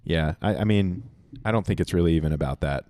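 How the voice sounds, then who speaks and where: A man co-hosting a podcast, dry and deadpan, trailing off quietly. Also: low-pitched, fast talker, no room sound. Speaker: podcast co-host. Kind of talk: deadpan ironic banter.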